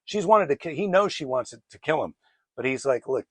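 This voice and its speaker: A man's voice: a little high, lively intonation, a little fast, husky, no room sound. A man hosting a casual chat, retelling a Bible story in an irreverent, jokey way. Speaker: show host.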